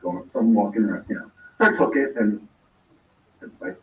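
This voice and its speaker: A man's voice: on the low side, brisk, a bit bright. A man telling a long personal story in casual talk, rambling and acting out the lines he quotes. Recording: roomy echo, distant from mic.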